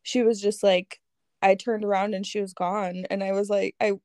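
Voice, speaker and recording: A woman's voice: medium pitch, flat delivery, normal speed, warm tone, no room sound, studio quality. A woman telling a story in a casual chat, laughing often as she talks. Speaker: guest.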